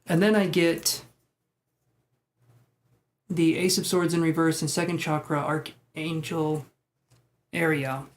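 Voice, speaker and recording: A man's voice: fairly high pitch, little pitch movement, takes it slowly, long pauses. A man live-streaming tarot readings, chatting with viewers in a joking, self-deprecating way. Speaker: tarot reader.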